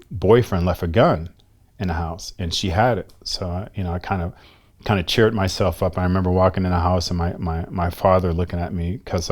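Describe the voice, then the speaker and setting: Deep-voiced soft-spoken man. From United States. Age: 50s. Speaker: guest. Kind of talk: personal storytelling in an interview.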